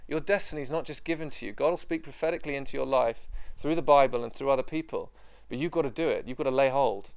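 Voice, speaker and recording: A male preacher with a gravelly, creaky edge to his mid-pitched voice. He preaches with passion and repetition, pressing his points home. The tone is that of a live sermon to a gathered room. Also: quick pace, hardly any pauses. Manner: impassioned, emphatic and repetitive, dropping to quiet prayer.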